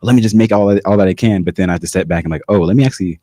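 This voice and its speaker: A man with a low, deep voice speaks as a musician guest in a studio session. He talks reflectively, halting now and then with fillers. The sound is dry and close. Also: dark tone, no room sound. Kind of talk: casual chat.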